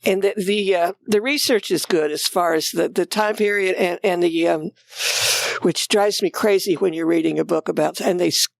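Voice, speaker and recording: A woman guest on a podcast, describing a favorite book thoughtfully, pausing often. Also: fairly low pitch, vocal fry, no room sound. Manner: thoughtful, hesitant with fillers. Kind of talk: casual book chat.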